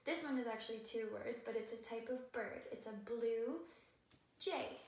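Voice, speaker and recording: A woman teacher giving a patient phonics lesson to young children, sounding words out slowly and carefully. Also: on the high side, a little mellow. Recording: echoey room, voice a bit far from the mic.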